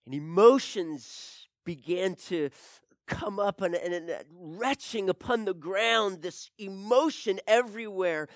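A man performing a dramatic first-person monologue, swinging between hushed whispers and anguished cries. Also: high voice, slow, no room sound, clean studio sound. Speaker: storyteller.

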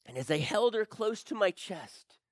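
A man performing a dramatic first-person monologue, swinging between hushed whispers and anguished cries. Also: high voice, animated, normal speed, no echo, clean studio sound. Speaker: storyteller.

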